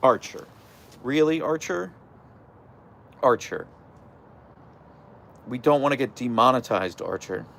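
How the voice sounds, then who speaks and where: A man's voice: a little slow, pauses often, fairly bright tone. A young man hosting a casual livestream from an outdoor deck, chatting with viewers and cooing at his dogs. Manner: chatty, reads out viewer comments; coos to his dogs in a high voice. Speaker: livestream host.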